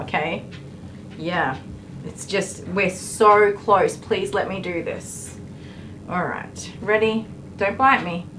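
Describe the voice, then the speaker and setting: A woman's voice: fairly low pitch, a little hiss or hum, low-quality recording. An Australian woman grooming a dog on a live stream, coaxing it in a soothing way while chatting to her viewers.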